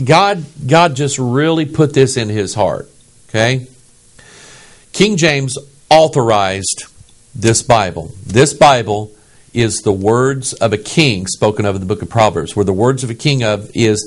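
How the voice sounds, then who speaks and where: With a medium-pitched voice and a measured pace, a US pastor preaches emphatically and animatedly. He keeps asking his audience "okay?" to check they're with him.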